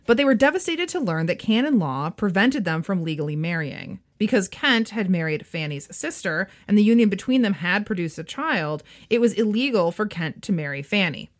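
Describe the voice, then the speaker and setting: A woman's voice: medium pitch, lively intonation, normal speed, hardly any pauses. Woman co-hosting a history podcast. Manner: playful, banters and reads with emphasis. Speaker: podcast co-host. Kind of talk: scripted history narration with chat.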